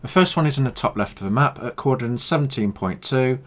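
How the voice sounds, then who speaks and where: A young man calmly explaining his gameplay tests in a matter-of-fact commentary. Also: mid-range voice, fast talker. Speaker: gaming YouTuber.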